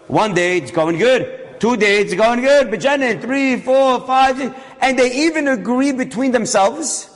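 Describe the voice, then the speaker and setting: A man, a rabbi, telling an inspirational story in an animated, dramatic way. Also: very high-pitched, measured pace. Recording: long hall reverb.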